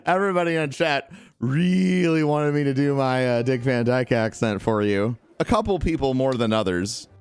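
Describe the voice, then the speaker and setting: A man's voice: mid-range voice, moderate pace, few pauses, clean tone. A man hosting a gaming channel, chatting casually and giggling between lines.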